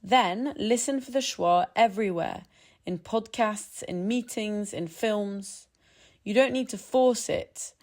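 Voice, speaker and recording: Speaking at a medium pitch, a woman guides listeners through a scripted tutorial on English pronunciation. She stays calm and measured, slowing down as she demonstrates each sound.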